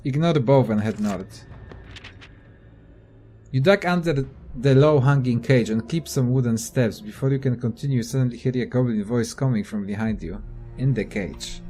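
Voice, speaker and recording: A man's voice: mid-range voice, normal speed, dark tone, soft background music. A young man casually commenting on a video game and reading its text aloud, offhand and profane. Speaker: let's play gamer.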